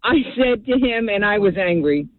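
A woman, calling in to a radio show and telling a story in an animated, chatty way. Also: medium pitch, normal speed, no room sound. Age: 70s. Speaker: caller. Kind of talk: phone-in storytelling. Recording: tinny phone line.

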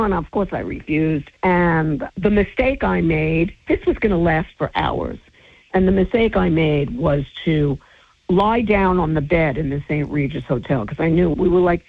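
A woman, an entertainment reporter, tells a lively story in an interview and acts out what each person said with sudden jumps in pitch. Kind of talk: animated anecdote in an interview. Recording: tinny phone-line audio.

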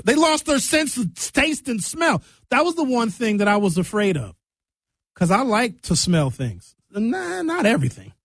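A man hosting a radio show in casual chat, talking in animated, rambling comic riffs from a studio microphone. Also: fairly high pitch, dry recording.

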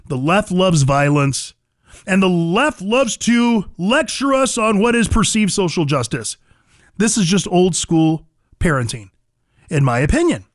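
A man's voice: fairly high pitch, dry recording, clean studio sound. A man hosting a call-in radio talk show, delivering a blunt, combative, folksy monologue.

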